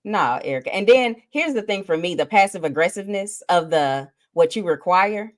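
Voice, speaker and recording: A woman's voice: lowish voice, expressive, moderate pace. A woman, co-hosting a podcast and giving emphatic, opinionated takes. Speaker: podcast guest co-host. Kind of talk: casual podcast chat.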